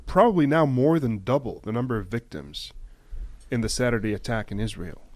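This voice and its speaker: A man giving impassioned news commentary, emphatic at times and dropping to a hushed, grave tone. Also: mid-range voice, animated, a little fast, no echo. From United States.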